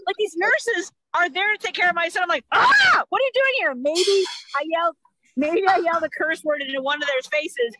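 A woman's voice: sits high, sharp tone, no room sound, poor audio. A woman comedian giving a rambling, exasperated stand-up rant over a video call. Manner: rambling, exasperated, quick to joke.

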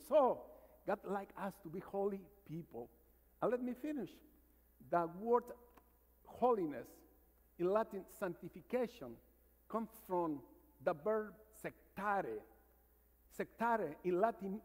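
Mexican priest preaching in a reverberant church. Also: male voice, sits high, lively intonation, a little slow, long pauses. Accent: Mexican Spanish. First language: Spanish. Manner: storytelling, calls for amens, drops to a hushed voice. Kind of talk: sermon. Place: large church.

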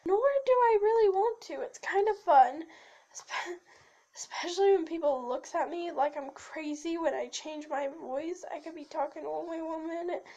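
A woman's voice: extremely high pitch, darkish tone, rough recording. A teenage girl chatting casually to her channel, rambling and sidetracked, with many fillers and restarts and a habit of shifting her voice. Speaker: channel host. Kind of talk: casual chat to camera.

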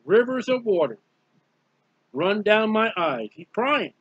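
A man's voice: high-pitched, big pitch swings, takes it slowly, slightly rough, no echo. A man preaching a fervent, emphatic Bible study sermon, repeating key phrases. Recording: dull lo-fi dry recording.

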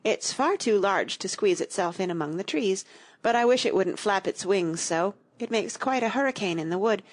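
Woman reader as a gentle, polite storybook girl, lively in tone. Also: mid-range voice, moderate pace, natural voice. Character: polite, curious young girl.

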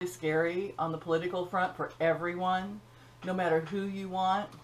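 A woman's voice: on the low side, little pitch movement, normal speed, a little hiss or hum, poor audio. An older woman hosting her own cooking channel, talking in a folksy, chatty way with joking asides, from her home kitchen. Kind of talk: casual chat.

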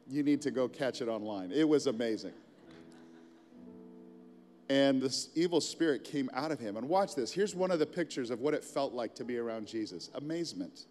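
A man's voice: a little high, darkish tone, long reverb tail. A middle-aged man preaching a sermon as a pastor, telling the story in a casual, conversational way with asides.

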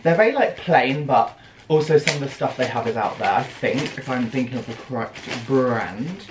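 A man's voice: mid-range voice, animated, moderate pace, noisy background. Young man, British accent, casual haul chat, big gasps, roomy echo. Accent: British English. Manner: gushing, theatrical gasps and squeals. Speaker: fashion vlogger. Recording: echoey room with faint ambience.

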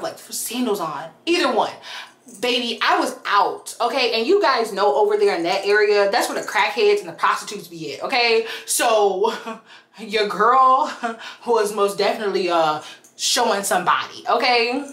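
A young woman telling a storytime vlog in an animated, profane way, laughing often. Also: mid-range voice. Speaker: vlogger. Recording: echoey room.

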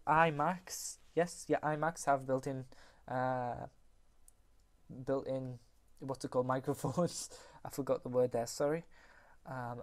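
A speaker hosting a casual computer tutorial, rambling, often correcting themselves and apologizing, on a USB computer microphone. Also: medium pitch. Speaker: tutorial host. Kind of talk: casual screen-recorded tutorial.

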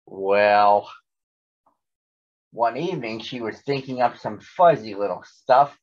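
A man voicing a young male cat, the big brother who narrates a rhyming storybook in a steady reading voice. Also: fairly low pitch, slow, muffled recording. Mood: calm.

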